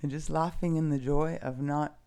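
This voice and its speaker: Soft-spoken man, warm mellow voice. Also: a little high, fairly even intonation, moderate pace, clear, resonant tone. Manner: soft, earnest, spiritual, casually swearing. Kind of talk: reflective personal monologue.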